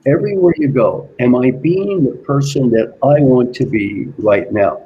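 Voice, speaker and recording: A man working as an executive coach, giving an earnest motivational talk and slowly repeating his key questions. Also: medium pitch, narrow, tinny audio, a little hiss or hum.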